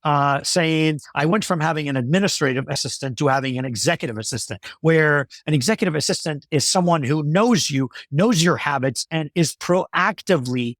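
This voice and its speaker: A male company executive explaining his ideas in a business interview, in a measured way with many fillers and restarts. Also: fairly high pitch, a bit bright, no room sound, studio quality.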